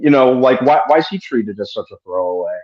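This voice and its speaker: A man's voice: mid-range voice, animated. Man on a dull lo-fi mic, musing. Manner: brief agreeing backchannels, musing slowly. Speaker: podcast co-host. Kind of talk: casual movie review chat.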